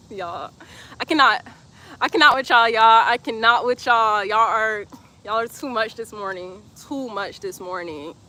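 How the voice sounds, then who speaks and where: Bright-voiced woman leading yoga. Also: on the high side, unhurried. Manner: playful, chatty, laughs often, breathy cues. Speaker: yoga instructor. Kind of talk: live-streamed yoga class, reading comments. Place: outdoors.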